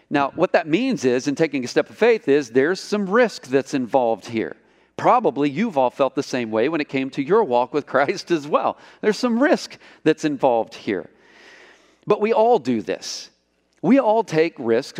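A man preaching a sermon as pastor, storytelling with lively delivery and acting out the quotes. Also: fairly high pitch, long reverb tail. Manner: animated storytelling, acts out quotes.

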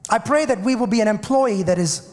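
High-pitched pastor guy preaching, fired up, talks back at the crowd, big echoey church hall. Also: a little fast, a little mellow. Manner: impassioned preaching, calls out to the congregation; repeats and restarts phrases. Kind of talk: sermon. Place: church sanctuary.

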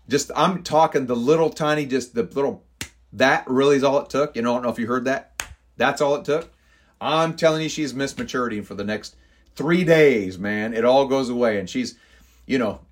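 Folksy middle-aged man. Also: mid-range voice. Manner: folksy, storytelling, fills with "man" and "you know". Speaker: podcast host. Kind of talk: casual leadership podcast talk.

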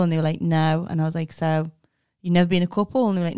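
A woman, co-hosting a podcast with quick, joking banter. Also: fairly low pitch, fairly even intonation, a little mellow, clean tone, no echo, studio quality. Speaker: podcast co-host, comedian. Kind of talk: casual chat.

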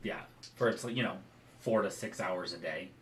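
A man narrating as game master of a tabletop game, describing scenes haltingly with many fillers. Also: sits low, a bit bright, roomy sound, slight background noise.

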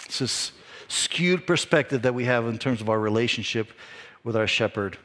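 Animated male pastor preaching in a hall. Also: mid-range voice, moderate pace. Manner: animated, conversational preaching with self-deprecating asides. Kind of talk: sermon.

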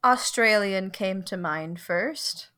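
A woman chatting casually on a podcast, talking slowly with frequent giggles. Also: mid-range voice, crowd noise. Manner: slow, giggly, drawn-out. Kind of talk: casual group chat.

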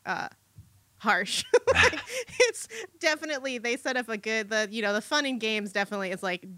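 A woman's voice: mid-range voice, bright, forceful tone, no echo. A woman chatting casually about a movie, laughing often and trailing off mid-sentence.

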